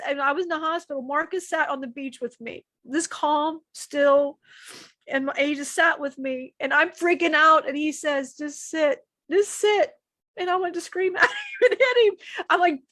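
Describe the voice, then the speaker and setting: High-voiced woman sharing emotionally. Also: sharp tone, no echo. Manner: rambling, restarts often, swears casually. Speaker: channeler co-host. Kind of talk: emotional personal sharing in a live stream.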